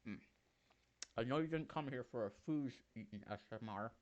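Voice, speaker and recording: A man's voice: mid-range voice, moderate pace, highs cut off. Sarcastic man commenting on a game. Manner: jokey, sarcastic, swears freely. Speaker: let's play host. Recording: loud game music behind.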